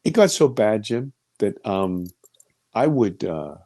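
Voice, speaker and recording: Animated man in his fifties, dry sound. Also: slow, no echo. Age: 50s. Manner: animated, voice rising high for quoted speech and dropping low and quiet for fear. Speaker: guest. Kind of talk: storytelling interview.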